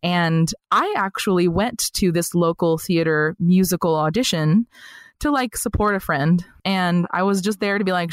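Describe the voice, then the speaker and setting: A woman's voice: mid-range voice, moderate pace, dry recording, clean studio sound. A young adult woman talking casually as a podcast guest, bubbly and chatty, laughing often. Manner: bubbly, chatty, full of laughs and filler likes. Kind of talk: casual chat.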